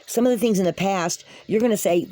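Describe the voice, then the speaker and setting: A woman's voice: mid-range voice, fairly quick, dark tone, rough recording. A woman giving a casual spiritual tarot reading to camera, chatty, laughing often and talking straight to her viewers. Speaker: tarot card reader.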